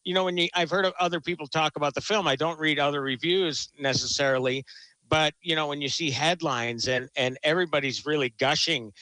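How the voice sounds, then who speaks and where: A man's voice: fairly high pitch, fairly even intonation, brisk, pushed and bright, no echo, poor audio. A man talking casually about a film, enthusiastic and rambling, often restarting his sentences. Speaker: film critic guest. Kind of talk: casual chat.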